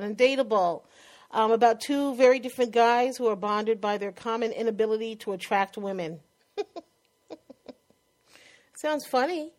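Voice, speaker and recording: A woman with a New York accent co-hosting a casual chat about TV shows, chatty and quick to laugh. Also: on the high side, darkish tone. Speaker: podcast co-host.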